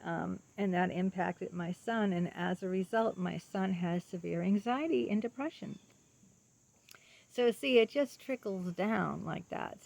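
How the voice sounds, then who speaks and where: A woman in her late fifties speaks in an earnest personal monologue, her voice roughened by a gravelly fry. She stops and restarts often, filling gaps with ums and posing rhetorical questions as she explains. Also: on the low side, a little mellow. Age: 50s. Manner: halting, with many ums and restarts. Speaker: vlogger.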